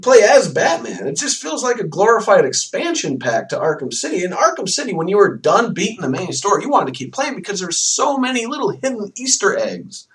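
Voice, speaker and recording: A man's voice: sits high, a bit bright, far from the mic. A man hosting a solo podcast, ranting animatedly with mocking asides. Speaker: podcast host. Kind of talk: solo rant about a video game.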